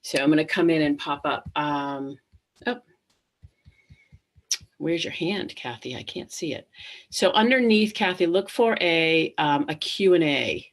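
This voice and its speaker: A woman's voice: deep voice, measured pace, pauses often. A middle-aged woman hosting a live webinar, talking casually with many ums and restarts and acting out inner thoughts. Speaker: webinar host.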